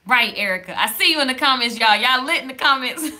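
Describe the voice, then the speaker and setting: A woman hosting a faith-based live stream, talking to the camera in a lively, conversational way and reading viewer comments aloud. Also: high voice, brisk. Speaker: livestream host. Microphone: camera in front of her.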